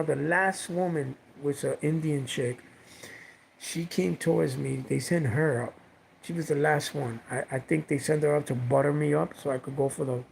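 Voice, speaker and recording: Gravelly-voiced man telling a rambling story. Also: on the high side, darkish tone, a little hiss or hum, poor audio. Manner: rambling, repeats himself, swears. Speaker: vlogger telling a personal story. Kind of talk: casual storytelling livestream.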